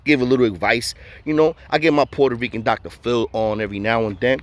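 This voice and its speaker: A man's voice: mid-range voice, quick pace. A man telling a story in a casual way, full of street slang and acting out the voices of the people in it.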